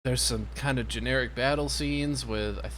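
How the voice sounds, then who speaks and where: A man's voice: mid-range voice, moderate pace, fairly bright tone, a little hiss or hum. A young man from Maine giving a sarcastic, casual review of a TV episode over its footage. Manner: sarcastic, mocking. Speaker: TV show reviewer.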